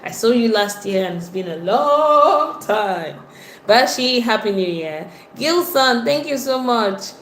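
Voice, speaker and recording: A woman's voice: fairly high pitch, slow pace, a little hiss or hum. Chatty Nigerian-accented woman livestreaming, echoey. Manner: chatty, greets viewers by name, lively exclamations. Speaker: livestream host. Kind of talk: casual livestream chat reading viewer comments.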